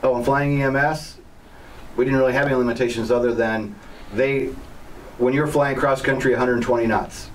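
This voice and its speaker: A man's voice: mid-range voice, fairly even intonation, normal speed. A man who teaches helicopter flying, telling stories in a plainspoken, blunt way with firm opinions. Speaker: helicopter flight instructor. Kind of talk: casual storytelling to an online group. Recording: slightly distant mic with faint background noise.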